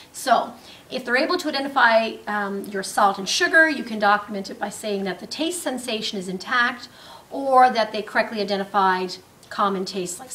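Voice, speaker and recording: A woman teaching a clinical skills demonstration, explaining step by step with frequent pauses and fillers. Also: a little high, fairly bright tone. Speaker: nursing instructor. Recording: roomy, distant mic with faint ambience.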